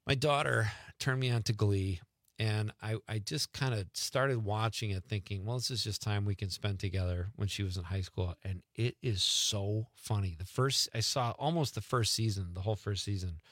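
A man's voice: lowish voice, moderate pace, a bit bright, no room sound, studio quality. A middle-aged man hosting a radio show in easygoing, rambling casual talk. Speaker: radio host.

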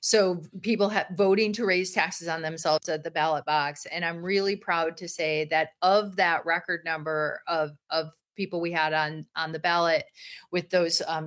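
A woman guest in a talk interview, earnestly explaining her organization's work. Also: on the low side. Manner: earnest, explanatory, uses fillers. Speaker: guest, education advocate. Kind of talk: interview answer.

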